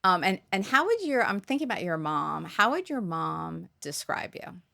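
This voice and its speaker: A woman hosting a podcast interview, chatty and upbeat, thinking aloud with quick asides. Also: fairly low pitch, big pitch swings, vocal fry, pushed and bright. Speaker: podcast host. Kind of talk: interview conversation.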